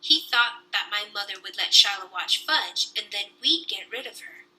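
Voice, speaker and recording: A young woman reading a children's book aloud with lively storytelling. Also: medium pitch, moderate pace, poor audio.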